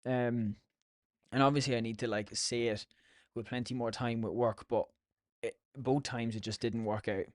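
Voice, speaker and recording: Telling casual stories on his podcast, an Irish host rambles and swears as he chats. He speaks at a normal speed in a steady, mid-range voice, and the recording is dry with clean studio sound.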